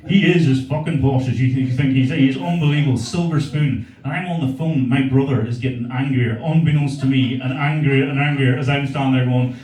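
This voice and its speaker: Belfast stand-up comic, crude crowd-worker, a bit far off the mic in an echoey club. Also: male voice, medium pitch, steady tone, mellow. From Northern Ireland. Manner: crude, quick banter with the crowd. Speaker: stand-up comedian. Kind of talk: stand-up set with crowd work. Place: comedy venue with live audience. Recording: roomy live venue, crowd laughter.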